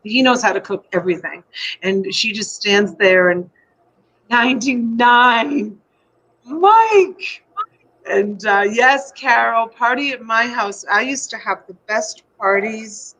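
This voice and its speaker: A woman's voice: mid-range voice, moderate pace, pushed and bright, rough recording. Chatty middle-aged woman hosting a live stream from home, talks on and on, gushy. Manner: chatty, rambling, effusive. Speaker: live-stream host selling items. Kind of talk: casual live-stream chat. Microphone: USB desk mic.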